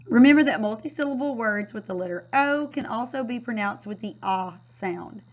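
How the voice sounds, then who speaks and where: A woman teacher giving a recorded phonics lesson, modeling words clearly and patiently. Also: on the high side, lively intonation, normal speed. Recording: dull, lo-fi sound.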